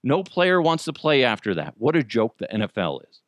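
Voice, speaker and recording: A man hosting a solo commentary show, ranting with heavy swearing and swinging between loud outbursts and low muttered asides. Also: big pitch swings, normal speed, no echo. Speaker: show host.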